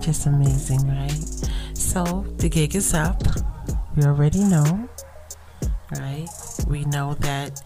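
A woman hosting her own podcast in a chatty, affirming way, often asking her listeners "right?", sounding tired. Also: low-pitched. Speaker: podcast host. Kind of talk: casual solo podcast talk.

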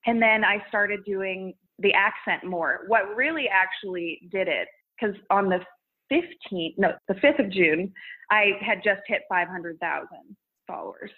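A woman's voice: mid-range voice, unhurried. A woman content creator chatting casually in an interview, rambling with restarts and laughing often. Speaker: social media creator. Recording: tinny phone-like line.

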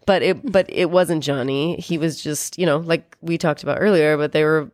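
A woman with a fairly low voice talks through a film recap in a loose, animated way, slipping into quoted lines and the odd swear word. Her voice is close and dry, with no room sound around it. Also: normal speed, no echo. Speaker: podcast co-host. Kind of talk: casual movie recap chat.

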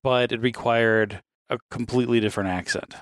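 A man's voice: medium pitch, fairly even intonation, brisk, a bit bright, no echo. Rambling, profane man in dry close audio. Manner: rambling, swears freely, laughs often. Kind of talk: casual chat.

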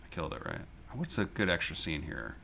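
A man's voice: very deep voice, sing-song, fairly quick, vocal fry, sharp tone, a little hiss or hum. A man co-hosting a movie podcast, chatting casually in a rambling, jokey way and laughing often. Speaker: podcast co-host.

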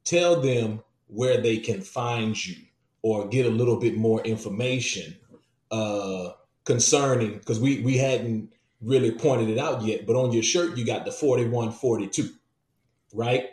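A man with a mid-pitched voice hosts a podcast in an echoey room. He speaks in an encouraging, affirming way as he steers the interview. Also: measured pace, darkish tone. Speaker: podcast host. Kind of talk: interview chat. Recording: roomy echo.

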